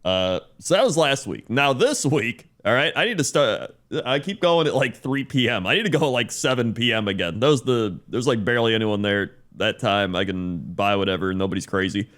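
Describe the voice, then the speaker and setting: A man's voice: medium pitch, expressive, fairly quick, few pauses, a bit bright. A man co-hosting a podcast in casual chat, telling a rambling story and chuckling often. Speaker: podcast co-host.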